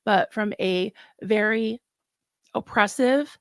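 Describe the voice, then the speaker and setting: A middle-aged woman hosting a casual livestream, chatting warmly and getting emotional, recorded close and dry. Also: mid-range voice, takes it slowly, no echo. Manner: warm, emotional, chatty with laughs. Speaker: livestream host.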